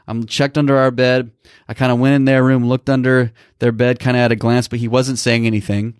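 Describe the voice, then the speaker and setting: A man's voice: medium pitch, level tone, fairly quick, clear, resonant tone, dry recording, studio quality. A man in his thirties telling a personal story on a podcast, emotional and rambling, with many restarts. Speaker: podcast co-host. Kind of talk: casual storytelling.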